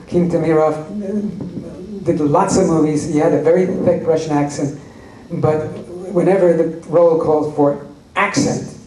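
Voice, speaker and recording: A man's voice: on the high side, fairly even intonation, a little slow, noisy background. A man answering audience questions as a guest at a fan convention panel, telling wry anecdotes. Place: large convention hall. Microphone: recorded from the audience. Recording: echoey hall recorded from far off.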